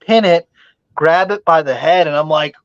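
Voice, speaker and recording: Animated storytelling man, dry dull sound. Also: fairly high pitch, moderate pace, no echo. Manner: animated, swears freely, lots of "like" fillers. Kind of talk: casual podcast storytelling.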